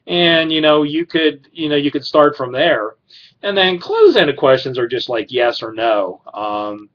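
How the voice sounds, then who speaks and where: A man's voice: a little high, lively intonation, measured pace, highs cut off. A man giving an informal classroom lecture on criminal justice writing, rambling with many fillers and restarts.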